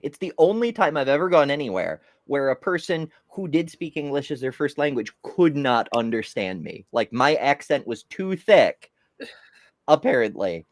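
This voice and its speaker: A woman's voice: very deep voice, moderate pace. A woman hosting a podcast, telling stories in a rambling, casual way and laughing often. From United States. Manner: rambling, animated storyteller with frequent laughs. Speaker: podcast host. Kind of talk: casual chat.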